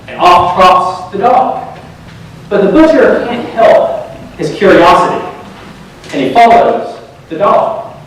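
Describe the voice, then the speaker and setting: A man preaching a sermon at a community service, telling jokes as an animated storyteller. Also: high-pitched, a little hiss or hum. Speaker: pastor. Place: large hall at a community service. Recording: echoey hall, distant mic.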